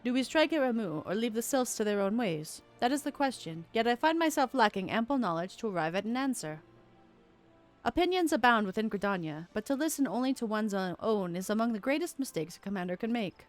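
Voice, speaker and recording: A woman's voice: a little high, big pitch swings, a little fast, faint music behind, voice pushed up. A woman reading a stern game commander. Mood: grave. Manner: formal, old-fashioned read dialogue. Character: stern military commander, formal and measured.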